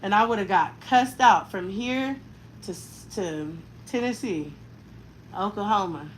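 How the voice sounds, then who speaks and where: At a measured pace and medium pitch, a mother in her thirties chats frankly and with plenty of slang while she styles her daughter's hair. Slight background noise mars an already rough recording.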